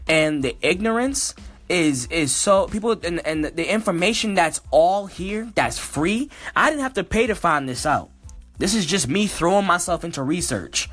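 A man gives impassioned solo commentary, reading passages aloud and then breaking in with emotional, worked-up remarks that often repeat themselves. His voice is high-pitched and a bit bright, with lively intonation at normal speed, and faint music plays behind him.

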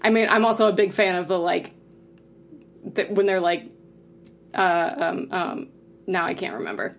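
A woman's voice: fairly low pitch, fairly even intonation, vocal fry. Chatty female podcast co-host. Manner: chatty, quick to agree and laugh. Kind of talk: casual chat.

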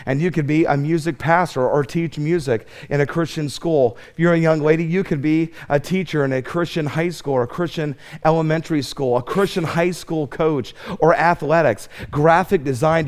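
A middle-aged man preaching a fiery camp sermon, impassioned, telling comic stories and shouting at the peaks. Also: on the high side. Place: camp meeting room.

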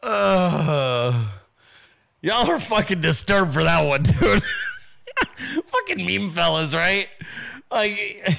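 A man's voice: high-pitched, creaky, bright, forceful tone, slight background noise. A male podcast host talking casually, swearing freely and rambling between laughs. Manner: profane, rambling, laughs often. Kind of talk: casual political commentary.

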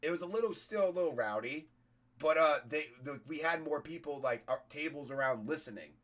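A hoarse-voiced man, a comedian, telling a story in casual, profane podcast chat. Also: fairly high pitch, lively intonation, a little fast, fairly bright tone.

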